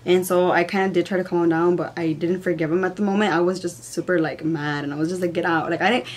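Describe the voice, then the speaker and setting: This young woman, a vlogger, talks quickly in a lowish, steady, slightly mellow voice. She meanders through a casual story and uses "like" over and over.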